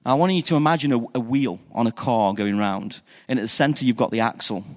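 A man's voice: mid-range voice, fast talker. A man, a pastor, preaching a conversational sermon that keeps asking the congregation questions. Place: church hall. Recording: reverberant church hall.

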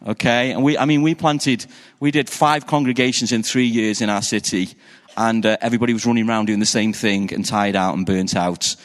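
A man's voice: fairly low pitch, steady tone, a little fast, big-room sound. A middle-aged man from England with a Stoke-on-Trent accent, a pastor giving a chatty, self-deprecating conference talk full of "um"s and restarts. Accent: Stoke-on-Trent English. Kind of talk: conference talk to a live audience.

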